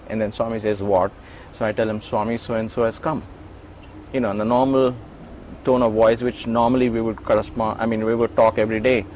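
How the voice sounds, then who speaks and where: Middle-aged man telling an animated story. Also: mid-range voice, slight background noise, poor audio. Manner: animated storyteller, acts out quoted lines; frequent restarts and repeated words. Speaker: interview guest, former attendant. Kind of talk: storytelling in an interview.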